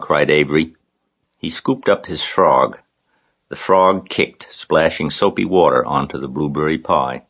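A man narrating a children's storybook in a steady, even storytelling manner. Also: rumbling low, unhurried, muffled recording. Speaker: audiobook narrator.

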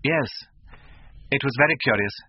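A man voicing an anxious, brooding young gentleman in a subdued, melancholy way, on a dull, dry audiobook recording. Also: medium pitch, normal speed, slightly rough, no echo, pitched above the performer's own voice, close to an everyday voice. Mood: uneasy. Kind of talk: audiobook character reading.

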